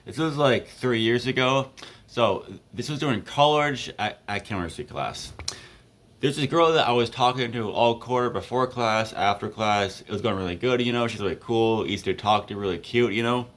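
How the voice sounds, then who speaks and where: A man's voice: mid-range voice, moderate pace, fairly bright tone. A man in his twenties casually telling a story, rambling with many fillers and laughing between lines.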